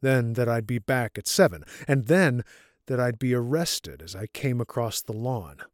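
A man reading the part of a scarred older man gravely confessing that he betrayed his rescuer, in an audiobook story. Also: medium pitch, expressive, moderate pace, no echo, studio quality, natural voice. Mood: grave confession.

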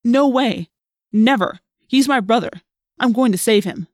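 A woman's voice: mid-range voice, brisk, dry recording, studio quality, natural voice. Woman voicing a determined teen boy. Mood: insistent. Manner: insistent.

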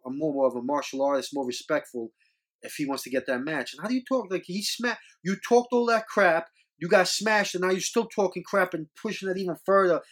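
Male podcast host, slightly high voice, loose and rambling, earnest and critical. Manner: rambling, repeats words, scolding and earnest. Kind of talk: casual opinion monologue.

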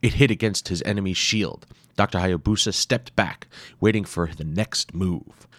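A man's voice: low voice, normal speed, dry recording. A man narrating an adventure story dramatically, acting out the sound effects himself.

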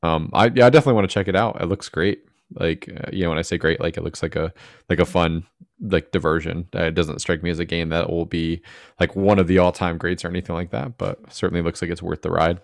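A man's voice: low-pitched, steady tone, fast, vocal fry, no echo, studio quality. A man hosting a casual podcast chat, easygoing and teasing. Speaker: podcast host.

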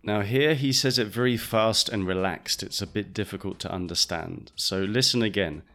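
A man hosting an English-learning podcast, patiently explaining pronunciation step by step and repeating phrases slowly. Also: fairly low pitch, fairly bright tone, soft background music. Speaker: English teacher and podcast host.

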